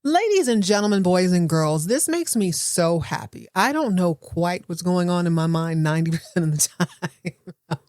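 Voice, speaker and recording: A woman's voice: fairly low pitch, expressive, normal speed, a little mellow, no echo. Woman, podcast host, comic soap recap, slangy asides, dry close mic. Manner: sassy, slangy, playful asides. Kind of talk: comedic TV recap.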